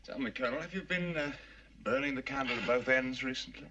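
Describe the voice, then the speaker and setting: A calm TV doctor. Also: male voice, medium pitch, quick pace. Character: calm male doctor tending a colonel. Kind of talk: 1970s TV drama acting. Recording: dull, noisy old TV soundtrack.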